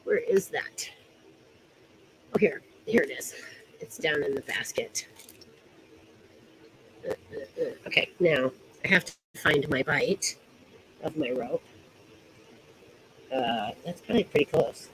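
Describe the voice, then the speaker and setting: A woman's voice: low-pitched, animated, measured pace, pauses often, a little hiss or hum, rough recording. A woman giving a casual hands-on rope tying demonstration, chatty and giggly, often trailing off mid-sentence. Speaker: rope bondage instructor.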